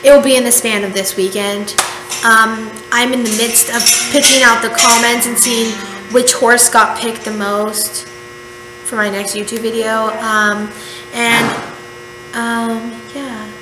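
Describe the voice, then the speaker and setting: A woman's voice: a little high, level tone, a little slow, loud music behind the voice. A young woman vlogging casually late at night, tired and rambling, cutting herself off and restarting as she chats to the camera at home. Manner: rambling, self-interrupting, tired and chatty. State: sleepy. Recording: echoey room with faint hum.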